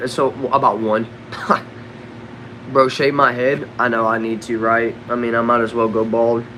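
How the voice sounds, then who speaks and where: Young Southern man, livestream host, casual drawl, mid-range voice, low hum in the room. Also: flat delivery, a little slow, bright, forceful tone. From Texas. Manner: laid-back, drawling, says bro and dude a lot. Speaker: livestream host reading chat. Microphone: desk microphone.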